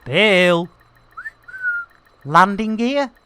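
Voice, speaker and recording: A woman's voice: medium pitch, lively intonation, drawn-out words, noisy background. A middle-aged woman, chatting and joking her way through a live game stream in slangy banter.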